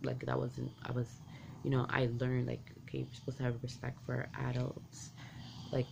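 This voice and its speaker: A woman's voice: a bass voice, completely flat delivery, normal speed, creaky, highs cut off, noisy background. A woman vlogger telling a personal story from her childhood, candid and rambling, full of "like" and restarts. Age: adult parent.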